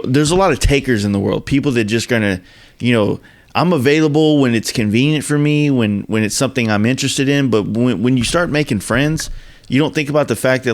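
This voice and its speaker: A man talks as a podcast guest in a loose, profane, joking way. His voice sits at an ordinary pitch for a man. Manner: joking, swears a lot. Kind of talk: casual drunk chat.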